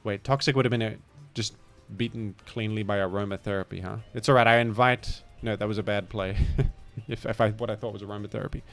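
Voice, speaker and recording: Rambling British streamer, mock-grandiose. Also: male voice, on the low side, fairly even intonation, quick pace, vocal fry, hardly any pauses, fairly bright tone, faint music behind. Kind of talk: live game commentary.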